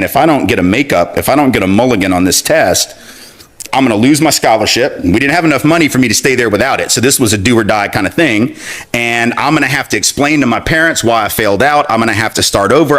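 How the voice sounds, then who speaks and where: A man giving a talk, telling an animated, self-mocking story with conversational asides. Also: medium pitch. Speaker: speaker.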